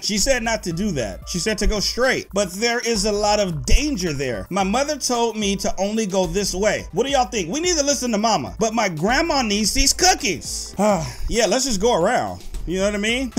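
A man commentating a story game, reading dialogue aloud and chatting with viewers, excitable and quick to yelp and shout when scared. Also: sits high, faint music behind. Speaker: gaming YouTuber.

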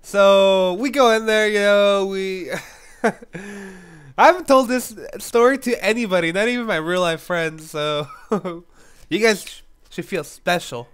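A man's voice: sits high, measured pace, fairly bright tone, clear, resonant tone. Stuffy-nosed man laughing through a story. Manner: rambling, giggly, laughs often between words. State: stuffy nose and coughing from a cold. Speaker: YouTube gaming commentator. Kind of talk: casual storytelling commentary.

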